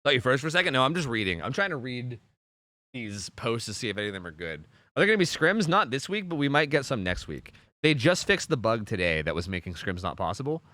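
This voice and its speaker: A man's voice: medium pitch, big pitch swings, fast talker, sharp tone, no room sound. A young man streaming and chatting casually, rambling with lots of fillers and casual swearing. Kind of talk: casual chat on a game stream.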